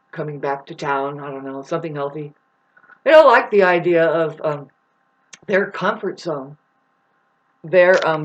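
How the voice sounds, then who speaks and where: A man's voice: high voice, a bit bright, muffled recording. Brief: male vlogger, rambling profane rant, loose and scattered delivery. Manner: rambling, swears a lot, jumps between topics, restarts.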